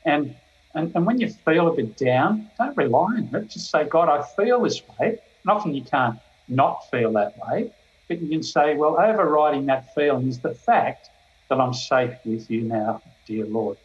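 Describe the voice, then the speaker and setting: A man's voice: a little high, lively intonation, normal speed. An older man, a police chaplain giving an earnest, emphatic devotional talk full of stories. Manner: earnest, emphatic preaching with storytelling. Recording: slightly dull, lo-fi recording.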